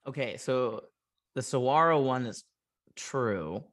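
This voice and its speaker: A male comedian chats as a podcast guest, mid-pitched and conversational. He tells stories with a wry, deadpan edge and riffs easily on whatever comes up. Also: takes it slowly. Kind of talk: casual interview chat, comic storytelling.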